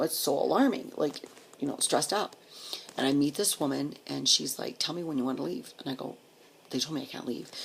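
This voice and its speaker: A woman telling a personal story in a casual, blunt, profane way, dropping into hushed whispered asides. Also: sits low, creaky, husky.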